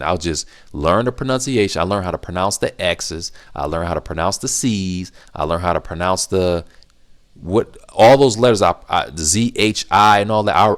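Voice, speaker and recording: A middle-aged man with a low voice talks straight to his viewers, answering their questions. He leans on repetition, saying key phrases again and again for emphasis. The delivery is casual and earnest, like advice given to a friend. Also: normal speed. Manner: emphatic, repetitive, animated when acting out reactions. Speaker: language-learning channel host.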